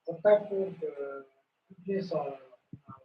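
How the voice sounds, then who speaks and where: A man whose first language is Nepali, with a small, soft voice, practicing interview answers haltingly. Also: on the high side. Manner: halting, repeating practice lines. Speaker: visa applicant. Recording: distant, echoey, muffled.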